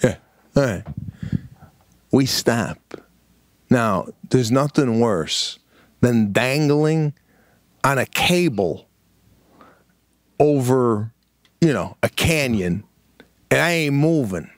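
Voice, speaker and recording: A middle-aged man co-hosting a podcast, telling a story in casual chat with slow, drawn-out pauses. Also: mid-range voice, expressive, dry recording, clean studio sound. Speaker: podcast co-host.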